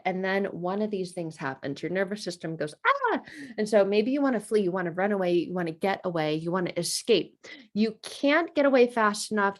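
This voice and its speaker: A woman teaching about trauma responses to camera in a conversational way, acting out inner reactions with quick changes of voice. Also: mid-range voice. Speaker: trauma educator. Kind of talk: explanatory video lesson.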